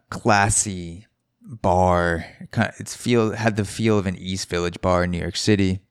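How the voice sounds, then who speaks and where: A man with a very deep, low voice telling a story on his solo podcast. He rambles casually and keeps correcting himself. The sound is dry and close. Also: clean tone, dry recording. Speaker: podcast host.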